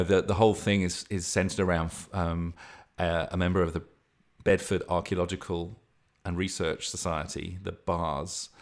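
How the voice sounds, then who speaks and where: A man hosting his own podcast, talking casually and at length as a game master, rambling and poking fun at himself. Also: low voice. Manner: rambling, self-deprecating, chuckling. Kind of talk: casual solo podcast talk.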